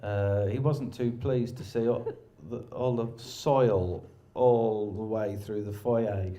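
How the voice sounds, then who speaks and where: A man's voice: fairly low pitch, steady tone, takes it slowly, warm tone. A man telling rambling, self-deprecating stories in casual chat, laughing often.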